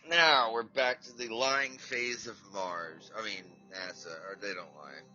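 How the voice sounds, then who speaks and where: A man's voice: on the low side, unhurried, bright, forceful tone, lo-fi sound, faint music behind. A man hosting a casual live podcast, rambling, restarting his sentences and apologizing as he goes. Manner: rambling, apologetic, talks to his dog mid-show. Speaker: podcast host. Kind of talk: casual live-stream chat.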